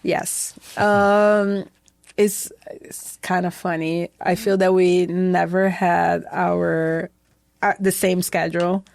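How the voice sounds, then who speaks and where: Brazilian woman, young adult guest, gravelly voice, dry close sound, chatty storyteller. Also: on the low side, slow pace, no room sound. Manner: lively storytelling, acts out quoted voices, many "like" and "I feel that" fillers. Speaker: podcast guest, head bartender. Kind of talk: casual interview chat.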